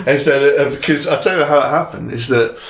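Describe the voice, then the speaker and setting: A man's voice: medium pitch, a little fast. A young man, a musician guest, telling candid, rambling stories in casual podcast chat and swearing freely. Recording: roomy echo.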